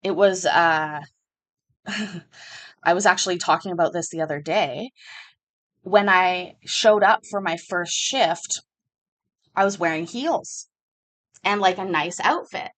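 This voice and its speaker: A woman's voice: lowish voice, takes it slowly, long pauses, a bit bright. A woman hosting a live chat show, telling work stories in a candid, casual way, swearing freely and using many fillers. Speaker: livestream show host.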